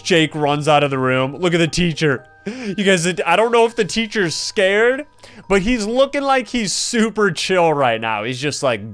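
A young man playing a game on his channel, reading dialogue aloud and reacting with excited commentary to viewers. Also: on the high side, measured pace, clean tone, soft background music. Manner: excitable, gasping, laughing, addresses viewers as you guys. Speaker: gaming YouTuber.

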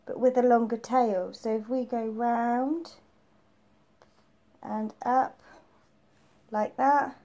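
Slow, patient woman teaching phonics. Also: on the high side, fairly even intonation, dark tone. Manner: slow, patient, repeats letter sounds clearly. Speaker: preschool teacher. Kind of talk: phonics lesson for young children.

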